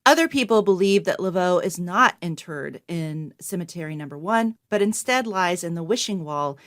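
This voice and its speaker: A woman co-hosting a history podcast, reading scripted narration in a clear, measured way. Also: lowish voice, expressive. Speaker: podcast co-host.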